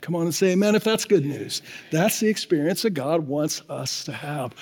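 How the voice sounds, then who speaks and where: A man's voice: fairly high pitch, animated, a little slow, hardly any pauses, a little mellow, slightly rough. A man preaching a sermon, emphatic, calling on the congregation for amens. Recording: long hall reverb.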